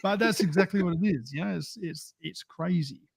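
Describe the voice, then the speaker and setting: A man's voice: high-pitched, brisk, creaky, breathy edge, no echo. A man, the pastor co-host of a podcast, talking earnestly with stammering restarts. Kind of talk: casual chat.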